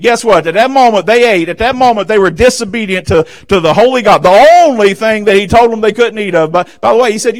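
A fervent preacher man with a high, gravelly voice delivers a sermon from a church pulpit. He surges into loud, emphatic declarations, then drops to hushed asides, pressing his point again and again. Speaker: pastor. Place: church sanctuary.

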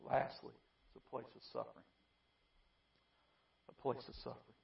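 A man preaching a fiery sermon, moving between quiet pleading and loud shouting. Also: medium pitch, little pitch movement, normal speed, gravelly. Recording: distant, dull lo-fi mic.

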